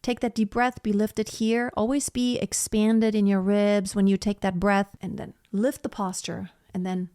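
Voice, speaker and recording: A woman's voice: mid-range voice, flat delivery, normal speed, few pauses, dark tone. A woman opera singer casually reacting to a performance and explaining vocal technique with enthusiasm. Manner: enthusiastic, explanatory, sings short demonstration notes.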